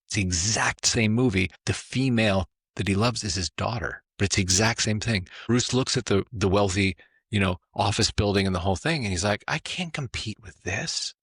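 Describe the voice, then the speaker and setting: A man's voice: on the low side, fairly quick, fairly bright tone, slightly rough, no room sound, studio quality. A middle-aged man, a former film executive, telling stories as a podcast guest with enthusiasm, acting out quotes and often asking "right?". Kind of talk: animated storytelling conversation.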